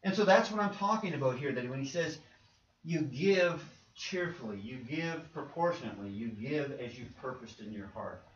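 A man's voice: mid-range voice, animated, moderate pace, slight background noise. A man preaching an earnest, plain-spoken sermon to his congregation in a church, calling them "folks". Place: church sanctuary. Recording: roomy, distant, muffled church recording.

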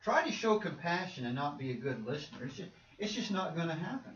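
A man's voice: on the high side, sing-song, quick pace, a bit bright. A man preaching a sermon with emphatic delivery, repeating words and acting out the quotes he cites. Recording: roomy, distant, dull with faint noise.

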